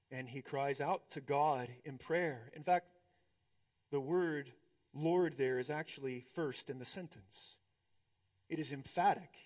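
A male pastor preaching a sermon, swinging between hushed, slow stretches and emphatic, rising ones. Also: mid-range voice.

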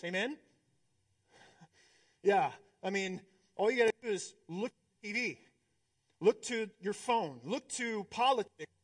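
High-voiced male preacher. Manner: preaching with pauses, swinging between hushed and emphatic. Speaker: pastor. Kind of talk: sermon.

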